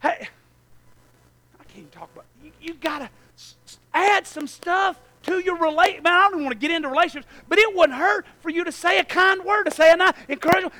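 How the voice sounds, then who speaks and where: A pastor delivers a sermon to his church in a strikingly high, bright voice. He swings between hushed, low asides and near shouting, calling out to the congregation as he goes. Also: quick pace.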